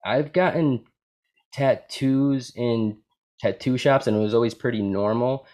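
A man's voice: medium pitch, gravelly, a little mellow. A man hosting a podcast in casual chat, swearing constantly and calling people "dude" and "man". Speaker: podcast host.

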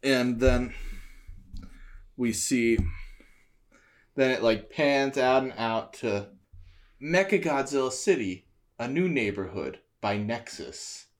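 A man co-hosting a podcast, rambling through a movie pitch with many fillers and some swearing. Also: lively intonation, slow, pauses often. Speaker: podcast co-host. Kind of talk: casual chat.

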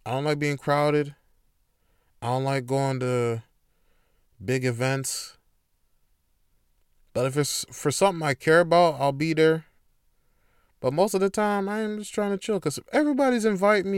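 A man's voice: a little high, expressive, moderate pace, long pauses, clear, resonant tone, no echo, clean studio sound. A man hosting his own podcast, talking candidly and emphatically in a casual motivational monologue, with plenty of swearing. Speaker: podcast host.

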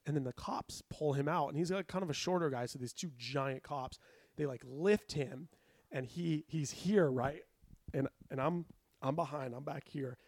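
A man's voice: fairly high pitch, normal speed, dry recording. A man telling a long story in casual chat, acting out the people he quotes. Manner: animated, acts out quotes with raised voice. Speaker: podcast guest telling a story.

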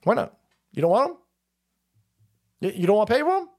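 A man hosting a stream, delivering a loud, profane, mocking political rant. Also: sits high, big pitch swings, fairly quick. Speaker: streamer host. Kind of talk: ranting political commentary stream.

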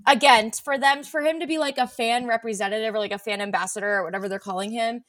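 A woman's voice: fairly high pitch, steady tone, fast, fairly bright tone, no room sound, clean studio sound. A woman co-hosting a podcast, rambling and full of "like" as she trails off mid-thought. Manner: rambling, heavy use of "like", trails off. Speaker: podcast co-host. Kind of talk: casual chat.

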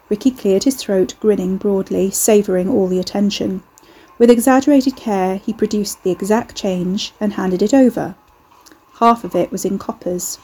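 A woman reading a novel aloud in steady scripted narration. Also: mid-range voice, moderate pace, husky, poor audio. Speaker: audiobook narrator.

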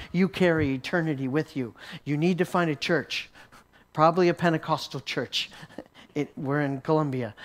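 A man teaching a sermon as a story, often repeating words as he restarts and chuckling along. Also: on the high side. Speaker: Christian teacher.

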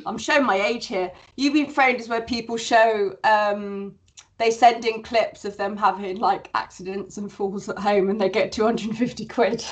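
A woman's voice: mid-range voice, fairly even intonation, normal speed. A woman, a podcast guest chatting candidly and with some wry humour. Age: 30s. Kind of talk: casual podcast chat.

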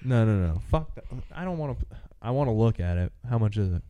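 A man's voice: lowish voice, expressive, fairly quick, no echo, muffled recording. A man co-hosting a casual podcast, laid-back and swearing freely as he improvises an indecisive car buyer. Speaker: podcast co-host. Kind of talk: casual chat with improvised role-play.

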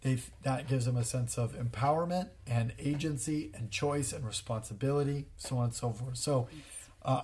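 A man's voice: medium pitch, normal speed, a little mellow, slight background noise. A man in his thirties co-hosting a casual parenting talk, explaining earnestly and acting out what he says to his kids. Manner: earnest, explanatory, acts out quoted dialogue. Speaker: podcast co-host.

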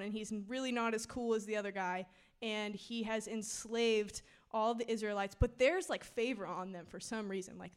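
A woman's voice: on the high side, clean tone. A young woman giving a casual, playful sermon in a church setting, retelling Bible stories in chatty speech full of "like" and laughter. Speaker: speaker giving a church talk.

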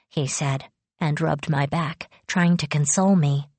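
A woman narrates a novel in the first person, slowly and gently, with a soft, breathy voice pitched on the lower side. The recording is close and dry. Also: steady tone, dry recording. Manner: unhurried, gentle storytelling. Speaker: audiobook narrator.

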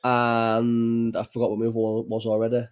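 A man's voice: mid-range voice, completely flat delivery, normal speed, darkish tone, smooth. A man, rambling and chatty and swearing freely while hosting a casual late-night live chat from home. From Bolton, England. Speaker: live stream host. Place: at home at night, child nearby.

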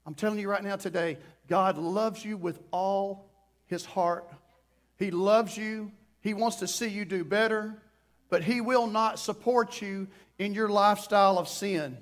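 A pastor delivers a sermon with a fairly high-pitched voice for a man. He preaches with passion, sometimes rising into loud pleading prayer and acting out quoted voices along the way. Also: a little slow.

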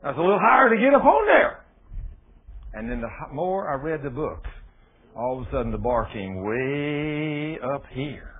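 A man's voice: fairly high pitch, sing-song, normal speed. A man preaching a sermon in a folksy, storytelling way with plain dialect grammar. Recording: tinny phone-like radio broadcast.

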